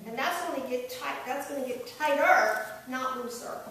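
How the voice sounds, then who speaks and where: A woman's voice: high voice, moderate pace, fairly bright tone. A woman coaching a singer through a lesson, talking in an encouraging, demonstrative way and sometimes singing examples. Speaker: vocal coach. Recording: echoey room from a distance with noise.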